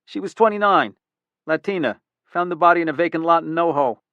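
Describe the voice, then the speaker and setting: A man voicing a skinny, nervous young detective who reports in a hurried, eager way. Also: fairly high pitch, a bit bright, no echo, highs cut off, pitched above the performer's own voice. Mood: tense.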